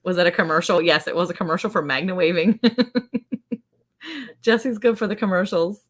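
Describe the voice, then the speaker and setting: A woman's voice: fairly low pitch, moderate pace. Bubbly woman co-hosting a live stream. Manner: bubbly, laughs often, reads chat comments aloud. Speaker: co-host of a ranch livestream. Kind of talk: casual live-stream chat.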